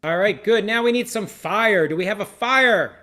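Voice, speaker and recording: A man's voice: high voice, normal speed, pushed and bright. A man leading an online seder, cueing participants in an encouraging, casual way with fillers. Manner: upbeat, encouraging, with frequent fillers. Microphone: video call.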